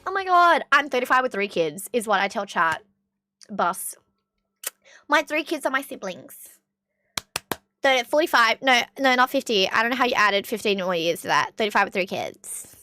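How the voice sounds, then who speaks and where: A woman's voice: a little high, lively intonation, moderate pace, bright, forceful tone, faint music behind. A young Australian woman streamer chatting casually and reacting to clips, rambling and laughing often. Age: young adult.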